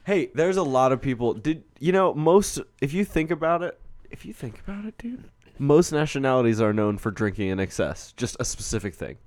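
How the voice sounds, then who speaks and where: A man's voice: medium pitch, very animated, a little fast, darkish tone, no echo. Profane joking young man. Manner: profane, joking, jumps into goofy voices. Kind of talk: casual chat.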